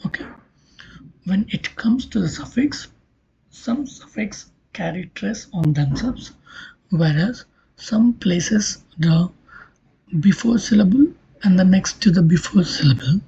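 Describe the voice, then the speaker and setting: A woman giving a recorded linguistics lecture, explaining slowly, her voice often dropping to a near-whisper. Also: fairly low pitch, dark tone, husky. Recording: dull lo-fi recording.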